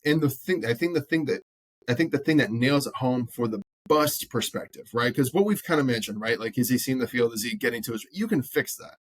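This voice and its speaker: A man's voice: medium pitch, animated, a little fast, no room sound. A man co-hosting a sports podcast, talking bluntly and animatedly and swearing freely as he acts out quotes. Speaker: podcast co-host. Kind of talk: casual sports chat.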